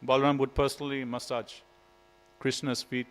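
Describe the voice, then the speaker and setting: A man's voice: mid-range voice, little pitch movement, normal speed, a bit bright, poor audio. A man giving a devotional scripture class in a temple, telling stories in a casual way with frequent "you know". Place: temple hall.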